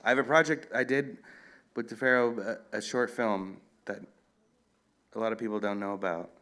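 A man, an author, answering audience questions in a relaxed, rambling storytelling way at a live event. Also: fairly low pitch, normal speed. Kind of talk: casual Q&A talk.

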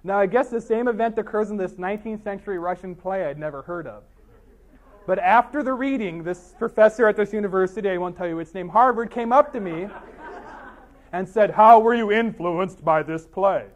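A man's voice: high-pitched, brisk. A man telling a funny story at a talk, with a wry, dry comic delivery, often saying "you know" and restarting his sentences. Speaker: author giving a talk.

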